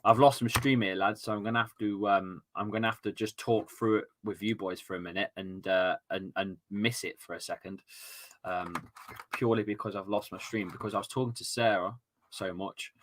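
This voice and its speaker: A man with an East Midlands accent hosting a live football watchalong at home, full of excitable, sweary, rambling banter. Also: lowish voice, a little fast, a little hiss or hum. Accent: East Midlands English. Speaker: host of a fan watchalong stream.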